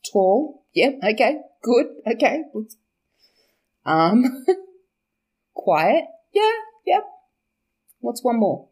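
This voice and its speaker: A woman's voice: on the high side, very animated, drawn-out words, pauses often, a little mellow, husky. Chatty, giggly young woman. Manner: chatty, laughing, swearing, self-correcting asides. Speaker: author chatting about her characters. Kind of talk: casual chat.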